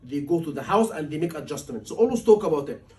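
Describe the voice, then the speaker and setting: A man teaching a surgery exam class, animated and asking his students questions often, acting out patient lines. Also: a little high, fast talker. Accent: Liverpool. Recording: voice from a distance.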